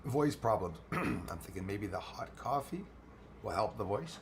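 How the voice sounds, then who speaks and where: A man with a hoarse, failing voice hosting a casual live stream, speaking quietly as he greets viewers. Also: expressive, measured pace, background noise. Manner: speaks quietly and keeps it low. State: hoarse, losing his voice.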